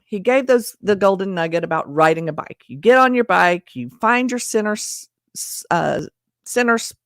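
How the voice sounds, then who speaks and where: A woman's voice: medium pitch, no room sound, clean studio sound. Chatty woman telling a funny story. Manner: chatty, self-deprecating, talks straight to viewers. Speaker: vlogger telling a personal story. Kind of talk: casual storytelling to camera.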